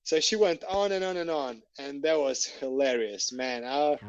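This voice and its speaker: A man, a podcast guest, telling stories in a casual, animated way, laughing and swearing freely. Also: mid-range voice, moderate pace, no room sound, highs cut off. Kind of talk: casual storytelling. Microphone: podcast microphone.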